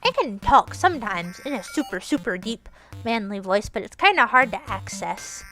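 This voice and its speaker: A woman's voice: medium pitch, expressive, moderate pace, pushed and bright, faint music behind. A woman talking through her game in casual, playful commentary, chatty and narrating her own moves, with bursts of teasing mock scolding. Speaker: gaming streamer.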